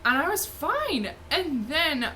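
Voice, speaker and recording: A woman's voice: sits high, sing-song, slow pace, pushed and bright, a little hiss or hum. A young woman, telling a story casually with lots of "like" fillers, swearing and laughing. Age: young adult. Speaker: vlogger.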